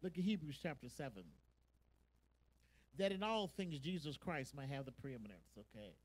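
A man preaching, reading verses aloud and telling the congregation what to underline, then rising to loud, half-sung preaching. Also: a little high, expressive, normal speed, poor audio. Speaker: pastor. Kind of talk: sermon.

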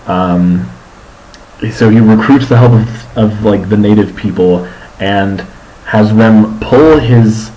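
Young male student vlogger, low-pitched, chatty and meandering, recorded at home with light background hiss. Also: darkish tone, low-quality recording. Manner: rambling, many ums and restarts. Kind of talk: casual video diary.

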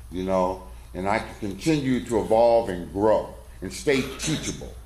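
A man's voice: fairly low pitch, darkish tone. A middle-aged man, a coach, telling a rambling, folksy, self-deprecating story to a men's conference in a church. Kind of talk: casual talk with a story. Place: church hall. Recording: echoey room.

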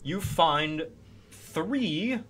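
Brief: relaxed male game master, animated, describing loot. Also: on the high side, drawn-out words, husky. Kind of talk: narrating a tabletop game.

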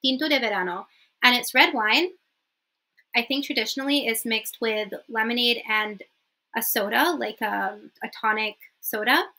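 A woman's voice: a little high, normal speed, sharp tone. A young woman teaching in a casual vlog lesson, chatty and friendly, often checking in with "okay?" as she explains. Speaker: language teacher.

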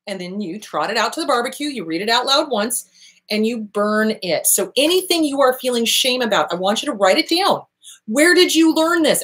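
A woman's voice: fairly high pitch, moderate pace. Blunt, profane woman therapist. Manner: blunt, emphatic and profane, with lively bursts of acted dialogue. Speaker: therapist and show host. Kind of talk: direct-to-camera advice talk.

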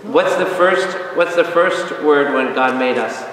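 A man, a priest, teaching a lively Bible study and quizzing his audience, recorded from a distance in a large room. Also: a little high, a little slow, crowd noise. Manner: asks the audience questions, spells out words, animated. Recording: echoey hall from far off.

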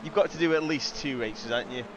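A man's voice: a little high, fast talker, a bit bright, dull audio, a little hiss or hum. A middle-aged man chatting casually to viewers as a sim racing streamer, laid-back and calling everyone "mate". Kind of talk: casual live-stream chat. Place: home sim racing rig.

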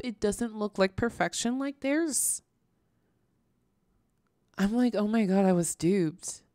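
A woman's voice: medium pitch, darkish tone, no room sound, clean studio sound. A woman hosting a casual reaction video, chatty and exasperated, with many fillers and restarts.

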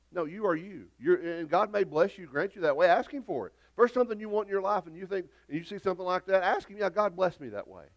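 A man's voice: a little high, lo-fi sound. A middle-aged man, preaching a sermon as pastor in a folksy, rambling storytelling way with many restarts. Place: church sanctuary.

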